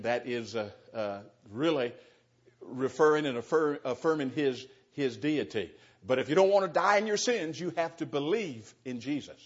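A man teaching verse by verse through a Bible passage, talking it through conversationally and asking his listeners rhetorical questions. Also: medium pitch. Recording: dull lo-fi recording.

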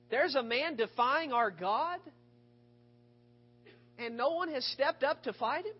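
A male preacher giving a sermon, retelling scripture with rhetorical questions and expressive storytelling. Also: very high-pitched, slow pace, long pauses, breathy edge. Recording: dull lo-fi recording.

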